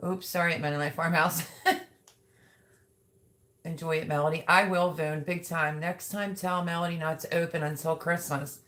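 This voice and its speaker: Reading her viewers' comments aloud, a livestream host with a slightly low voice gushes warmly and talks straight to them. It's a casual chat with a loose, conversational feel.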